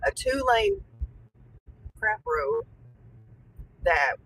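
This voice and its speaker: A woman's voice: high-pitched, wildly swooping pitch, drawn-out words, fairly bright tone, soft background music, low-quality recording. A woman chatting casually from the passenger seat of a car, rambling through stories about her town and home. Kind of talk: casual chat. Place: car on a drive. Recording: faint road noise.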